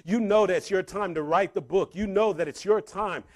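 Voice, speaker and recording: High-voiced man giving a motivational speech. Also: normal speed. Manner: storytelling, repeats phrases for emphasis, builds to loud climaxes. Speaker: motivational speaker. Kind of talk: motivational speech to a live audience. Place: room full of people.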